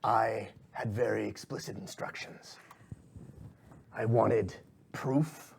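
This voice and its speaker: A man's voice: steady tone, gravelly, darkish tone, slight background noise. Man doing a whispering shadowy fairy boss. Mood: menacing. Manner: low slow menacing whisper. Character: menacing shadowy male fairy crime boss, cold, whispering.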